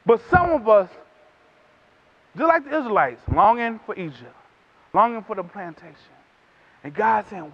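A male preacher with a very high voice, driving his sermon through repeated phrases that build in rhythm. His calls grow emphatic. The recording is dull and lo-fi. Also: very animated, normal speed, long pauses.

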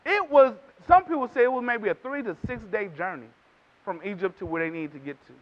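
Casting: very high-pitched male Texan preacher, emphatic sermon delivery, muffled lo-fi audio. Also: animated, a little fast. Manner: emphatic preaching, acts out quotes in character voices. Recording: dull lo-fi recording.

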